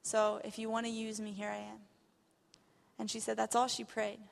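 A woman's voice: fairly high pitch, completely flat delivery, moderate pace, gravelly, in a large hall. A young woman giving an earnest missionary testimony in church, growing impassioned as she retells a story. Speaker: missionary speaker. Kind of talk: testimony sermon. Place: church hall.

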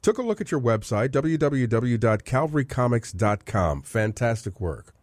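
A man hosting a faith music radio show, interviewing a guest in an upbeat, lively way. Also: mid-range voice, moderate pace, no echo. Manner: upbeat, lively questioning with laughs. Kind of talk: interview chat.

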